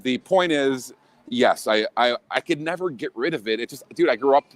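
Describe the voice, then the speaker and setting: A man's voice: mid-range voice, expressive, moderate pace, dry recording. A man from Illinois talking in a casual chat as a podcast guest, blunt and profane, with many restarts.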